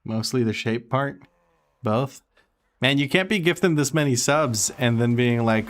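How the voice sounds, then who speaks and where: A man's voice: medium pitch, slow, long pauses, slight background noise. A young man chatting casually while streaming a game, reading and answering chat with frequent laughter.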